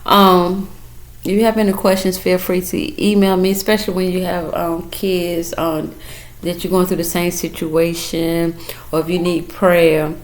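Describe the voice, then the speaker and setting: A woman's voice: lowish voice, level tone, unhurried. A woman talking casually and earnestly to her viewers about her faith, emotional and close to tears as she encourages them. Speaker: mother giving a testimony. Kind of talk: casual faith testimony vlog.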